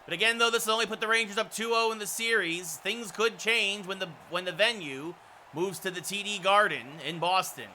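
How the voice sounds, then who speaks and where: A man in his thirties calls the action of a hockey video game like a broadcaster. His voice sits high and sounds sharp and bright, and it rises into loud calls on big plays. Between calls he drops into casual asides to his viewers. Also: fairly quick, a little hiss or hum. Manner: excitable play-by-play calls, with asides to chat. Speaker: streamer doing play-by-play of a hockey video game. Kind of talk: sports play-by-play commentary.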